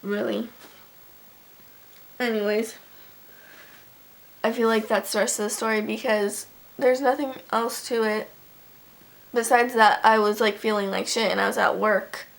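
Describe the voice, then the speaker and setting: Her voice is a little high and steady, with vocal fry, and she speaks unhurriedly with long pauses. The teenage vlogger rambles casually through a storytime, stuffing "like" into every phrase and swearing freely.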